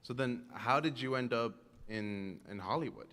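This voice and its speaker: A man's voice: medium pitch, normal speed, crowd noise, noisy background. Man interviewing in a reverberant hall. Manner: brief backchannel responses.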